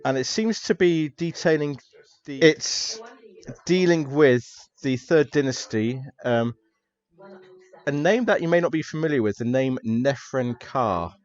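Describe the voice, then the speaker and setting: A man narrates a tabletop game as its game master, setting scenes in an unhurried way with small fillers. His voice sits mid-range. The audio is dull and lo-fi. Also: mid-range voice.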